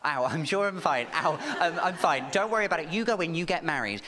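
A man's voice: on the high side, animated, brisk, big-room sound, a crowd in the background, close to an everyday voice. A man voicing an injured old woman who keeps insisting she is fine, flustered and in pain. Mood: pained, brushing off. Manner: pained, flustered reassurance.

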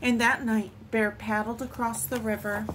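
A woman reading picture books aloud for a children's storytime, expressive and lilting. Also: a little high, moderate pace, a little hiss or hum. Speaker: storytime reader.

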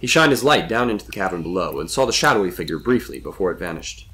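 Lively low-voiced male storyteller. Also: quick pace. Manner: expressive storytelling. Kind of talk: scripted narration.

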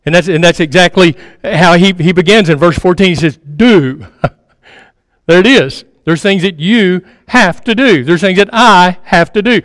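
A man's voice: high voice, normal speed, a bit bright, no room sound, clean studio sound, in a large hall. A man preaching a sermon in a conversational way, repeating phrases for emphasis and sometimes dropping to a near-murmur. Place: church sanctuary.

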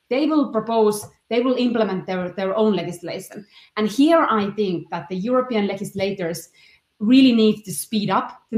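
A woman's voice: medium pitch, echoey room. A woman on a policy panel, arguing directly and with emphasis. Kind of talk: panel discussion.

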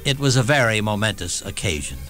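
A man's voice: on the low side, big pitch swings, brisk, a bit bright, soft background music. An actor playing a witty old statesman raconteur. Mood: amused. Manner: wry, chuckling storyteller. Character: elderly male statesman, witty, wry raconteur. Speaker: stage actor in a one-man show. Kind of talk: theatrical storytelling monologue.

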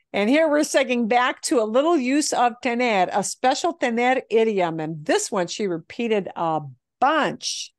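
A woman teaching a language class, explaining phrases patiently and modeling them slowly. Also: on the high side, expressive, no room sound, clean studio sound. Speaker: Spanish teacher.

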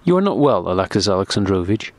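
A man with a low voice voicing a young society wife who answers in an airy, lightly mocking tone. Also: big pitch swings, quick pace.

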